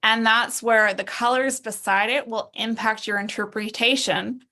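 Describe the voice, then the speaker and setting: Woman interview host, crisp bright tone with some vocal fry, conversational and searching. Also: fairly high pitch, steady tone, moderate pace. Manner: thinks aloud with restarts and fillers, uses analogies.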